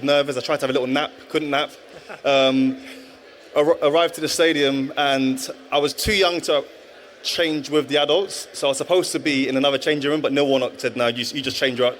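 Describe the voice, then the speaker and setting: A man's voice: mid-range voice, fairly bright tone, a little hiss or hum. Earnest man in his thirties. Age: 30s. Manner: earnest, reflective, frequent restarts. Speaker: guest, former footballer. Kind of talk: live stage interview, testimony. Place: live event stage.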